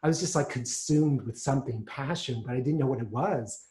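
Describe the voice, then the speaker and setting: A man performing an autobiographical solo monologue, animated, with lively pitch swings as he acts out scenes. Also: moderate pace, few pauses, echoey room.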